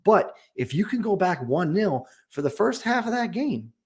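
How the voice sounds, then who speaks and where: A man's voice: high-pitched, big pitch swings, normal speed, a little mellow. A man co-hosting a sports podcast, laying out his analysis in easy, chatty talk. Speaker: podcast co-host. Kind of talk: casual sports chat.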